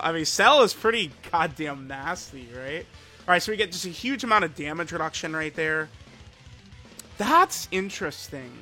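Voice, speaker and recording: A man with a high, bright voice talks through his mobile game session for his channel. He rambles casually, stumbling over restarts and fillers while thinking aloud at a desk mic. Light music plays underneath. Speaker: gaming channel host. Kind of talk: casual gameplay commentary.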